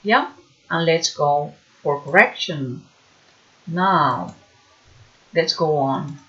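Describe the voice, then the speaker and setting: A woman teaching an English lesson, slow and patient, often checking understanding with a questioning "hmm?". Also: low voice, bright, forceful tone. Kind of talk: online class lesson. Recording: dull lo-fi recording.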